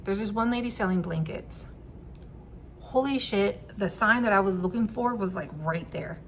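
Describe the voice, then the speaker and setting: A woman telling a personal story to camera in a casual vlog, candid and quick to swear and laugh. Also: medium pitch, slight background noise. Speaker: vlogger.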